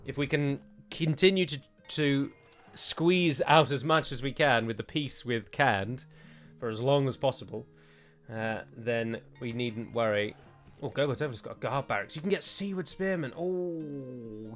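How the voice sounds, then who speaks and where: A man's voice: mid-range voice, measured pace, fairly bright tone, soft background music. Chatty man thinking aloud over a game. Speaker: strategy game player. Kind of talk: let's play commentary.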